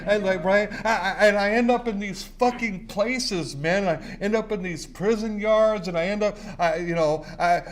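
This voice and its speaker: A man's voice: high voice, normal speed, few pauses. A middle-aged man, sharing his recovery story at a meeting in an intense, profane, repetitive way. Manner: intense, profane, repeats himself. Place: recovery center meeting room.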